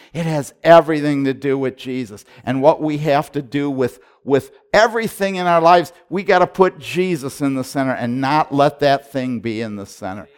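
Male pastor, middle-aged, sermon storytelling, hushed then loud, stammering restarts. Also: medium pitch, moderate pace, hardly any pauses, clean tone. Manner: dramatic swings from hushed to loud when retelling prayers; repetitive restarts and stammers when excited.

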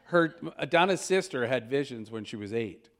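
A man preaching a storytelling sermon, animated and chuckling, who breaks into loud exclamations when he acts out moments. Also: medium pitch, moderate pace. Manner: animated, shouts out quoted exclamations; chuckles while telling stories.

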